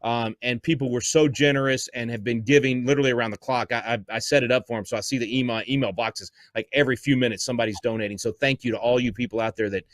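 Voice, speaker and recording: A man's voice: medium pitch, steady tone, fast, few pauses, dry recording. A man, a guest on a podcast interview, speaking fervently and emotionally, stumbling over words when upset. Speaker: guest, homeschool advocate.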